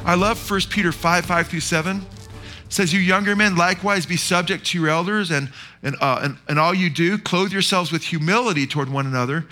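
A male pastor with a Californian accent, preaching a sermon to his congregation in an animated way and breaking off into quick asides to the church. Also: high voice, soft background music.

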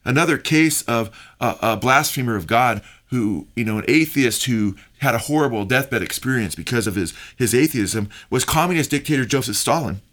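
A man's voice: medium pitch, expressive, normal speed, few pauses, a bit bright. A middle-aged man hosting a Christian radio talk show, speaking in an earnest preaching tone with many fillers. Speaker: radio show host and pastor.

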